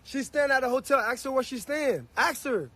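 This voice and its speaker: A man arguing heatedly and profanely with police outside his home, shouting and frustrated. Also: very high voice, lively intonation, normal speed.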